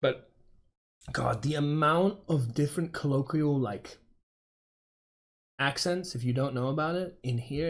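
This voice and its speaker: A man from Dorset with an English accent, chatting casually and rambling with lots of fillers while streaming a game. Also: medium pitch. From England, Dorset. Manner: rambling, chatty, self-interrupting with many fillers.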